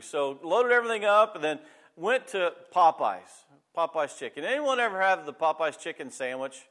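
A pastor telling a personal story in a sermon, conversational and talking straight to the congregation. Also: male voice, fairly high pitch, big pitch swings, normal speed, fairly bright tone.

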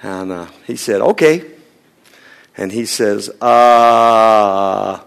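Gravelly-voiced man preaching a story. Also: lowish voice, drawn-out words. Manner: acts out both sides of a dialogue, drops to a hushed near-whisper in tender moments. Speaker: pastor. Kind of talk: sermon storytelling.

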